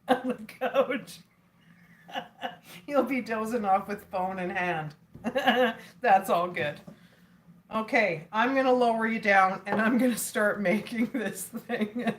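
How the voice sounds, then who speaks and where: A woman's voice: on the high side, a little hiss or hum. A woman hosting a casual livestream, chatting with viewers and laughing often.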